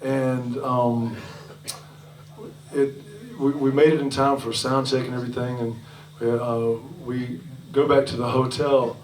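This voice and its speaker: A man's voice: mid-range voice, little pitch movement, a little slow, a little hiss or hum. A man in the middle of his range tells a meandering road story to a crowd between songs. He swears casually and keeps breaking into chuckles. The sound is a live room recording from a distance, roomy and echoey. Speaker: singer-songwriter and bandleader. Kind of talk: between-song stage banter. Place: restaurant music venue on stage.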